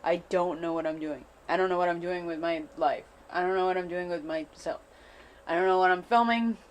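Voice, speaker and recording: A woman's voice: fairly low pitch, steady tone, a little fast, a little hiss or hum. A woman filming herself in an unscripted monologue, anxious and rambling, repeating the same phrases over and over. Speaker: vlogger. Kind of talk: unscripted self-filmed monologue. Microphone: self-filmed camera.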